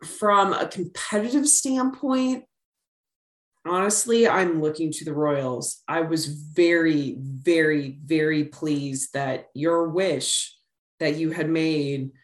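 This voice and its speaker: A woman's voice: low-pitched, takes it slowly, roomy sound. A middle-aged woman co-hosting a sports podcast, chatting casually with a rambling, filler-heavy way of talking. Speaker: podcast co-host.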